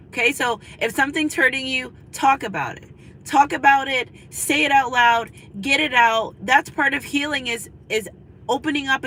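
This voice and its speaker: A woman in her thirties talks straight to her viewers as their spiritual guide. Her voice is bright and a touch high. She preaches in a loose, casual way and keeps circling back to drive her advice home. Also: slight background noise, rough recording. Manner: preachy, repetitive, emphatic. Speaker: spiritual reader. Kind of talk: casual spiritual pep talk to camera.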